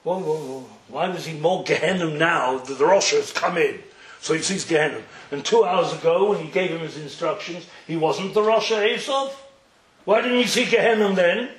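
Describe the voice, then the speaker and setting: A man's voice: a little high, moderate pace, echoey room, poor audio. A man teaching a Torah class, telling the story with animation, acting out the characters and throwing out rhetorical questions. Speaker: religious teacher.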